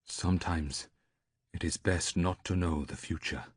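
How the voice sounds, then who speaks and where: A man voicing a gloomy, reluctant old male seer in an audiobook, speaking quietly, slowly and solemnly. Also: low-pitched, steady tone, breathy edge, dry recording, clean studio sound.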